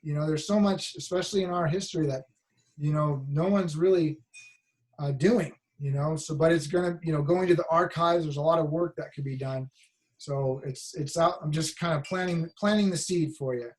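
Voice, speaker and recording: A man's voice: fairly high pitch, steady tone, moderate pace. A man teaching a college class over a video call, talking casually with many restarts and fillers. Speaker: college instructor. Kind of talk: casual online class talk.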